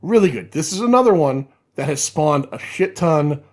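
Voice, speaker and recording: A man's voice: on the high side, lively intonation, normal speed. A man on a podcast as a guest, giving enthusiastic, profanity-laced movie opinions in casual chat.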